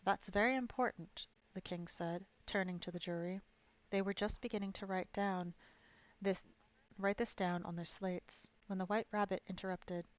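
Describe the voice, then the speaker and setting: A woman's voice: lowish voice, flat delivery, normal speed. A woman streamer reading a storybook aloud, narrating steadily and expressively. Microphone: streaming mic. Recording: dull lo-fi stream audio.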